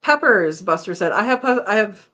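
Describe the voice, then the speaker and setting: A woman's voice: medium pitch, lively intonation, normal speed, sharp tone. A tired woman hosting a casual live chat, reading out viewer comments and chatting back with a laugh. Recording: slightly dull lo-fi audio.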